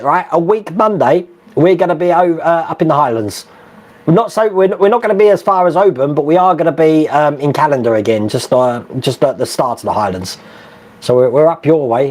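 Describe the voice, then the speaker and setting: Male streamer, middle-aged, lively up-and-down delivery, casual with lots of fillers. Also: on the high side, brisk. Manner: chatty, laughs often, many fillers and restarts. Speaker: live stream host. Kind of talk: casual live stream chat reading comments.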